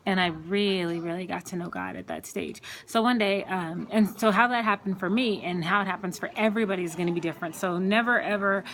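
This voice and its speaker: A woman's voice: lowish voice, lively intonation, brisk, hardly any pauses, fairly bright tone. Earnest woman sharing her faith story. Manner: earnest, conversational, lots of repeated words and fillers. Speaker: Christian speaker sharing her testimony. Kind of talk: personal faith testimony, unscripted.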